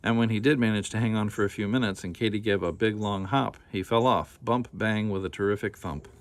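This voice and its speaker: A man reading a children's picture book aloud in a gentle, unhurried way, with casual asides. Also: on the low side.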